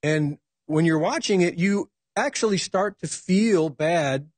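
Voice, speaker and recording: A man's voice: high voice, a little slow, darkish tone, dry recording. A man speaking as a talk show guest, reflective and hesitant, with many ums and uhs. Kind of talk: casual political talk.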